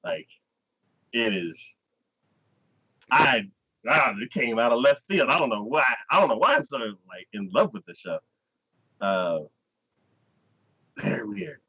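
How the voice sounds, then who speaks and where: A man co-hosting a podcast, chatting casually and acting out anime scenes in lively, excited retellings full of "like.". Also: medium pitch, unhurried, long pauses, husky. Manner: animated storyteller acting out scenes, frequent "like". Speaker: podcast co-host. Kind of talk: casual anime review chat. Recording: dull lo-fi podcast audio.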